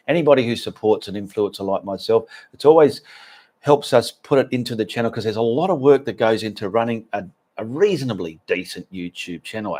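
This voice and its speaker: A man's voice: lowish voice, a little mellow. A man with an Australian accent hosting a live art stream, chatting with viewers and reading out their names and messages. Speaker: art channel host.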